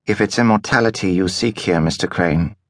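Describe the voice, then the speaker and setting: A cool, guarded woman doctor with a mid-European accent, as a male narrator puts her on, speaking in a soft, measured way. Her voice sits a little higher than the low narration around her. The sound is dry and close. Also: dry recording, natural voice. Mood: cool, probing.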